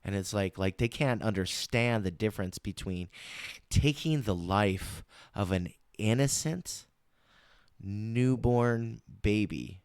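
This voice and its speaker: Man, commentary host, slow talker, smooth clear voice, repeats and restarts, emphatic. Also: lowish voice, darkish tone, no room sound. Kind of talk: casual political commentary.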